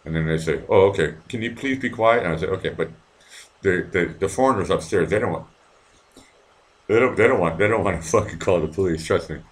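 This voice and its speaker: A man with a very deep voice hosts a late-night live show from home. He rambles, swears freely and restarts his sentences often. He is from Boston. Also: a little fast, long pauses. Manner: rambling, profane, many restarts. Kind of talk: casual live-stream talk with callers. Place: apartment at night.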